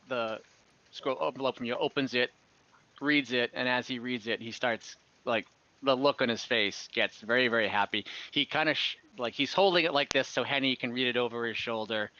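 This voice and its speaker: A man's voice: medium pitch, sharp tone. A man narrating as game master of an online tabletop game, loose and rambling with fillers. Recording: dull lo-fi online call audio.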